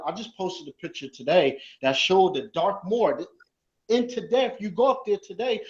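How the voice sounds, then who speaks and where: A man speaking as a guest on a talk show, explaining in a halting way with many restarts. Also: high voice. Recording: dull lo-fi sound.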